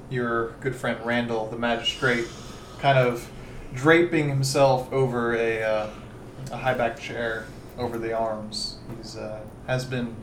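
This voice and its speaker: A man narrating as game master of a tabletop game, halting with many fillers. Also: medium pitch, reverberant, distant mic, noisy background.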